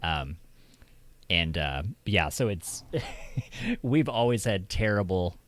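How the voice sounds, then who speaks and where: Deep-voiced American man, rambling chat. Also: lively intonation, slow pace. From Oklahoma, US. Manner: rambling, laughs often, many fillers. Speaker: streamer host. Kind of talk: casual chat.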